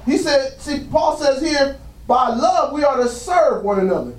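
Preaching in a church sanctuary, a man with an extremely high, lively voice speaks a little slowly, far from the mic. He punctuates his points with "praise God," and the congregation answers amen. The sound is roomy.

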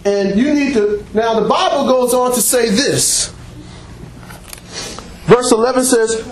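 A man preaching a sermon, animated, breaking into shouts and laughter and acting out little dialogues for the congregation. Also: extremely high pitch, takes it slowly, pauses often. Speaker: pastor. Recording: very echoey room, faint background noise.

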